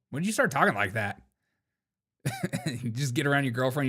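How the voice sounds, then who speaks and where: Sarcastic male host, lively pitch. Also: brisk, long pauses, husky. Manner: sarcastic, laughs often, teasing. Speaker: show host. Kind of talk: mocking commentary on clips.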